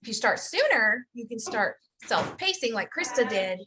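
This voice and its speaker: Upbeat woman host on a video call, bright high voice, chatty. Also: big pitch swings, normal speed, husky. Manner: upbeat, chatty, laughs often, teasing. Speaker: host of a health coach program info session. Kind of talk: casual video call presentation.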